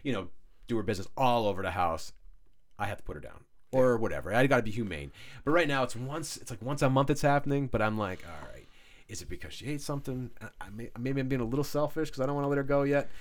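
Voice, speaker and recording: A man hosting a podcast in casual chat, telling stories in a lively way and acting out the people in them. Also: mid-range voice, quick pace. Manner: lively storyteller who acts out quoted voices. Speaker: podcast host.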